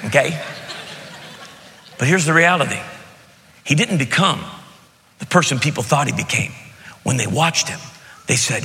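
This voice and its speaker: Bright-voiced preacher in an echoing hall. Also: male voice, medium pitch, lively intonation, brisk, pauses often. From Beaver County, Pennsylvania. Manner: emphatic, swings from loud to hushed, repeats key lines. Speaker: pastor. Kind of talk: sermon. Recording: long hall reverb.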